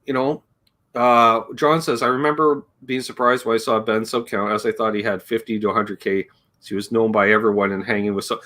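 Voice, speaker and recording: A man's voice: lowish voice, fairly even intonation, brisk, bright, forceful tone. A man hosting a casual livestream chat, rambling and joking and reading viewer comments aloud as he talks. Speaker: livestream host.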